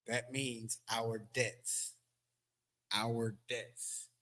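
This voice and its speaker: Slow, low-voiced man teaching a lesson. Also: fairly even intonation, a bit bright. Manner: slow, drawn-out, loose and conversational with fillers. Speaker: Hebrew language teacher. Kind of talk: teaching from a board, casual lecture. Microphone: streaming setup.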